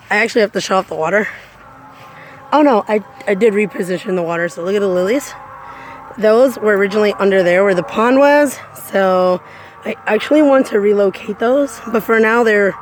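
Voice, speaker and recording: Chatty woman touring her backyard garden. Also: slight background noise. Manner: chatty, repeats phrases, sudden high squeals of delight. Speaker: cosplayer giving a garden tour. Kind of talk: casual walking tour chat. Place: outdoors in a home backyard garden.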